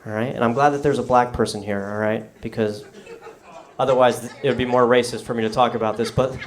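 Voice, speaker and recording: On a comedy club stage, a young New York-area man performs stand-up at a quick clip, his voice mid-range. He tells a story deadpan, breaking into animated voices for the people he quotes.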